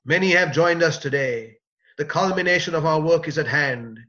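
A man voicing a short, smug preacher who speaks with calm certainty, in a dull lo-fi recording. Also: fairly high pitch, normal speed. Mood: solemn.

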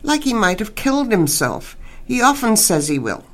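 A woman reading a story aloud and voicing a distraught young woman who pleads at a door in a high, tearful voice. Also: sing-song, moderate pace. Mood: pleading, distraught.

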